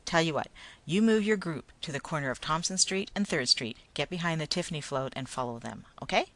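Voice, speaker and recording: A woman reading a story, voicing a brusque, blustering male parade manager who talks loudly and hostilely. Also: deep voice, lively intonation, fairly quick. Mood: jovial. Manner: blustering, loud, hostile then jovial.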